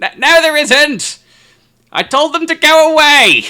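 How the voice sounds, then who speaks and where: A man voicing a cranky old man who shouts loudly and with exasperation from another room. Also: very high voice, animated, unhurried, voice pushed up, full character voice. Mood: cranky shouting. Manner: loud, cracking, exasperated shouting.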